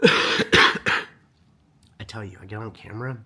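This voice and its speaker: A man's voice: on the low side, slow pace, sharp tone, slight background noise. A man chatting casually in a vlog, a boutique owner telling stories in a sassy way, coughing now and then while under the weather.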